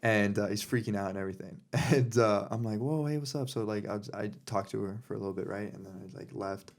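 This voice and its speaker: A man's voice: lowish voice, flat delivery, fast talker, vocal fry. A man hosting a podcast, telling a story in a casual, rambling way with lots of fillers and restarts. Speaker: podcast host.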